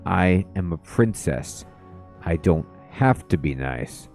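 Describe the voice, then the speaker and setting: Dude voicing a haughty rude princess, snippy, dark low tone. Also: male voice, animated, slow pace, creaky, soft background music, full character voice. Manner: snooty, curt.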